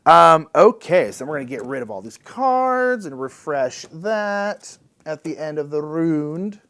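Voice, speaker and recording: A man's voice: on the high side, very animated, unhurried, a bit bright, smooth. A man casually talking through a solo board game, thinking aloud as he explains the rules, upbeat and playful. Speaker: board game channel host.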